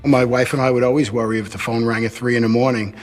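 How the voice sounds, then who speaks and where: A man's voice: mid-range voice, steady tone, fast, soft background music. A man who managed a boxer, recalling him fondly and reflectively in an interview and retelling old phone calls. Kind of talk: casual interview recollection.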